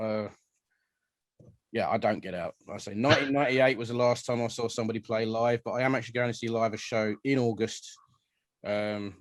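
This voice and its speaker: A man's voice: on the low side, dry recording, clean studio sound. Chatty man hosting an interview. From London, England. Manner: chatty, self-deprecating, playful banter. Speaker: radio show host. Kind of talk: casual video-call interview.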